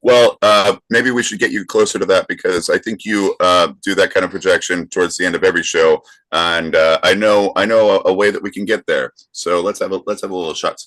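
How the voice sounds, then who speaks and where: A man's voice: deep voice, steady tone, fairly bright tone, dry recording, rough recording. A man co-hosting a podcast, explaining a topic in casual chat with frequent "uh" and "um". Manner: explains slowly with many fillers. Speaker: podcast co-host.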